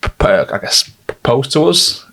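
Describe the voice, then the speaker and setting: A man's voice: medium pitch, sing-song, unhurried, bright, forceful tone. A young man, co-hosting a casual podcast chat with British slang and easy laughs. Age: young adult. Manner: chatty, laughs easily, uses British slang. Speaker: podcast co-host.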